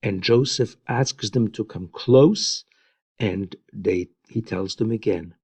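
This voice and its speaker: A man retelling Bible stories in an informal, unhurried way, adding his own comments and Hebrew phrases, recorded on a close mic in a quiet room. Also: lowish voice, husky, no room sound. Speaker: Bible teacher.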